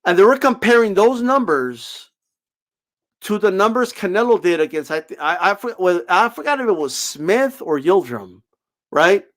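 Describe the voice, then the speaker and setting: A man with a high voice delivers a fired-up boxing rant. He swears freely and mocks his critics sarcastically, telling them to shut up. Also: lively intonation, moderate pace, fairly bright tone. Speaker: boxing commentator. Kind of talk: ranting commentary.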